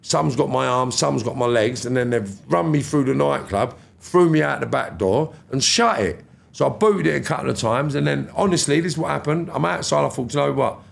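Man, middle-aged, London accent, gravelly, casual storytelling, blunt street slang, swearing. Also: mid-range voice, animated, brisk. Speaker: guest.

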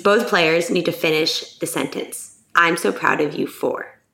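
A woman guest talking with candid, animated energy, laughing often and quickening into bursts. Her voice sits a little low with a gravelly fry. The room around her has a noticeable echo. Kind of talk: casual heartfelt conversation.

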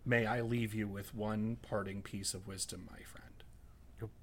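A man voicing a gentle, wise male otherworldly guardian, speaking slowly and in a hushed, solemn way. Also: lowish voice, steady tone, slight background noise, natural voice. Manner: slow, hushed, solemn farewell.

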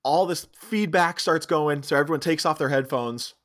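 A man's voice: on the high side, normal speed, fairly bright tone. A man co-hosting a podcast, casually retelling a comedy film's plot and acting out characters' lines. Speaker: podcast co-host. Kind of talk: casual comedic movie recap.

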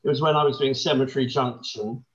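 Male comedy producer, relaxed anecdote, slightly dull lo-fi recording. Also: mid-range voice, fast talker. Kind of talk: casual anecdote. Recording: dull lo-fi sound.

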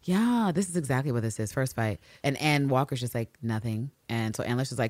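A woman co-hosting a casual recap podcast, animated, acting out characters in exaggerated voices and swearing freely. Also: a bass voice, fast, few pauses, dry recording. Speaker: podcast co-host.

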